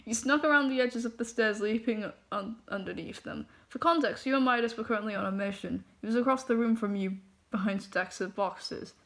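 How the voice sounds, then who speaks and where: A woman's voice: on the high side, a little fast, a bit bright. Flustered woman reading fiction aloud. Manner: flustered, stumbles, laughs at asides. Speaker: fanfiction reader. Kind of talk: reading fanfiction aloud with asides.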